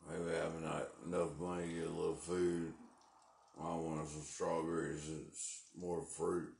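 A man's voice: rumbling low, little pitch movement, unhurried, vocal fry, a little mellow, echoey room. A man talking live from his home into a phone, agitated and cursing as he rambles. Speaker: livestreamer. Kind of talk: live-stream rant. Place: at home indoors.

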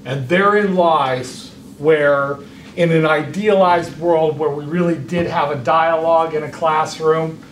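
A male professor gives an impassioned lecture in a fairly high voice, challenging his students directly with pointed rhetorical questions. He is picked up from a distance in a reverberant classroom with a faint hum of room noise behind him. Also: fairly even intonation, measured pace. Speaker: economics lecturer. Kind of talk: university lecture.

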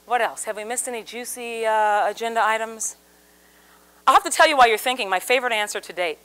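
A woman whose voice is on the high side talks fast to a live seminar audience. As a communication speaker, she relates a story with lots of animation and plays out the quoted voices.

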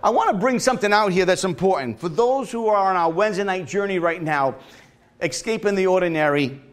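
Pastor guy preaching in church, kinda high voice, chatty, gets the crowd to say amen. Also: expressive, fairly quick. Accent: regional accent. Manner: conversational preaching with call-and-response. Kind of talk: sermon. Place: church sanctuary.

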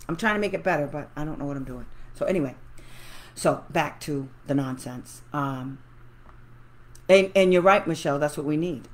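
Woman, special education advocate vlogger, heated indignant rants, casual livestream chat, lowish voice. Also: moderate pace. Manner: chatty and pleading with viewers. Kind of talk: casual livestream talk to viewers.

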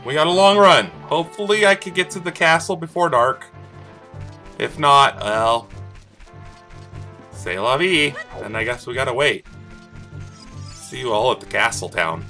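A man's voice: mid-range voice, animated, a little slow, long pauses, pushed and bright. A man casually commenting on his gameplay, playful and jokey, talking back to the game's characters. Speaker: let's play host. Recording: faint game music behind.

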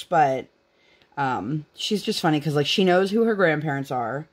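A woman's voice: low voice, moderate pace. A young woman hosting a craft channel, chatting casually while she works on a project at home, rambling with lots of fillers.

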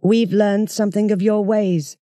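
A reader voicing a soft-voiced ancient rat-like alien ruler who speaks slowly and coldly in a storybook audiobook. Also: medium pitch, steady tone, no echo, clean studio sound, pitched above the performer's own voice, close to an everyday voice. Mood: coldly calm. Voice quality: soft, cottony voice. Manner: slow, measured, menacing.

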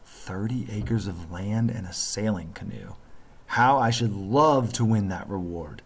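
A man's voice: on the low side, unhurried, husky. A man reading aloud, voicing an eager, bold young island boy from a storybook with a raised, keen voice.

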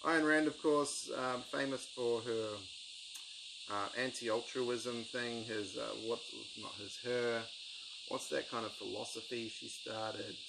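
A man chats through his book collection in a loose, rambling way, full of ums and restarts. His voice sits at an ordinary middle pitch. Crickets and outdoor ambience come through clearly behind him. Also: fairly even intonation, slow, very noisy. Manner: rambling, enthusiastic, lots of ums. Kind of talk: casual book review vlog.

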